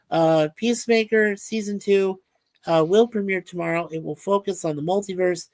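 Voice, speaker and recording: Lady cohosting a stream, reads chat out loud, lots of uhs, kinda low voice, dry sound. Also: dry recording. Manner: chatty, reads out comments with frequent fillers. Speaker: livestream co-host. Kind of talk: casual chat reading viewer comments aloud.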